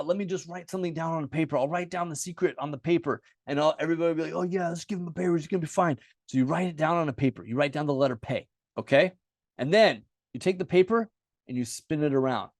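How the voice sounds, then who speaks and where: A man's voice: a little high, no room sound. A man teaching a casual lesson at a whiteboard, playful and jokey, repeating sounds aloud as he writes. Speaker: Bible teacher.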